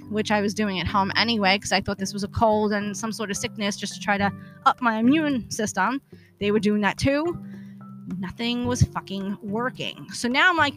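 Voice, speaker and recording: A woman's voice: mid-range voice, pushed and bright. A woman hosting her own show, telling a personal story in a blunt, profane way and acting out the dialogue. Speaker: podcast host. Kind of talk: casual storytelling monologue.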